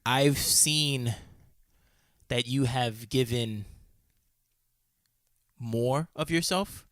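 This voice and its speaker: A man's voice: mid-range voice, extremely slow, fairly bright tone, no room sound, studio quality. A man co-hosting a casual podcast chat, telling stories animatedly, laughing often and swearing casually. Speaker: podcast co-host.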